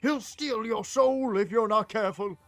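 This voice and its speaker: A man doing a shrill, excitable young woman. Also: moderate pace, no room sound. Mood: frantic. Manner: urgent, scolding.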